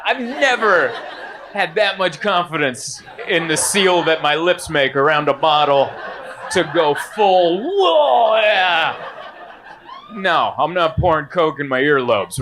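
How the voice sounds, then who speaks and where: A young man performing a stand-up comedy set, telling a rambling, animated story with lots of fillers. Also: fairly high pitch, slow, background noise.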